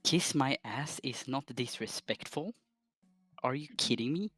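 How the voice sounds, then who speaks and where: A tabletop player with a very deep, husky voice who argues back in character. Faint music plays behind. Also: female voice, measured pace, fairly bright tone. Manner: arguing in character.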